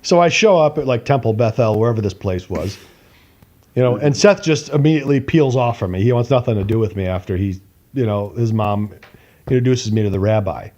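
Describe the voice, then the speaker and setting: A man's voice: medium pitch, animated, fairly quick, a little mellow, dull audio. A man co-hosting a podcast, telling a casual story animatedly, acting out voices and swearing now and then. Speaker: podcast co-host.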